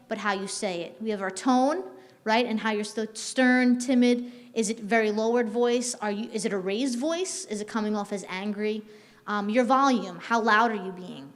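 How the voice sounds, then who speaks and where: A woman leading a staff training session in a conversational way, often checking in with "right?" and pausing on "um". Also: a little high, in a large hall. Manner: frequent "um" fillers and restarts. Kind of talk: workplace training talk.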